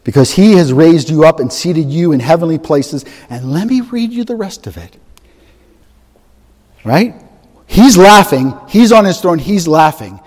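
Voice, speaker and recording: A man preaching a sermon, emphatic and animated, swinging from loud to soft. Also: a little high, unhurried. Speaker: pastor. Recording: long hall reverb.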